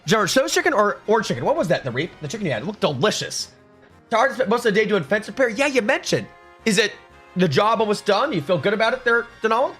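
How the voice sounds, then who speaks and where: Upbeat streamer man, lively voice. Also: high voice, quick pace, slightly rough, faint music behind. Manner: chatty, reads chat aloud, upbeat. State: chewing food at times. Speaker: livestreamer. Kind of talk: casual live stream chat.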